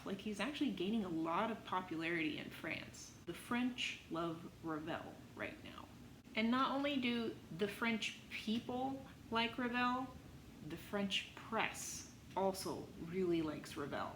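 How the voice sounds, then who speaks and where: A woman's voice: mid-range voice, fairly bright tone, reverberant, a little hiss or hum, poor audio. A woman music teacher telling a composer's story in a chatty, playful way, with dramatic exclaimed punchlines. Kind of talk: casual educational storytelling.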